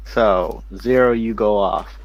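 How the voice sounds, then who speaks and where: A man's voice: on the low side, steady tone, slow, no echo, muffled recording. A man running a tabletop game as game master, narrating in a casual manner and swearing freely.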